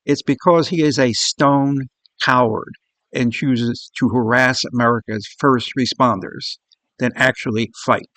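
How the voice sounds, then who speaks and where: A man's voice: mid-range voice, steady tone, unhurried, a bit bright, no echo. A male show host giving scornful, blunt commentary on a video clip.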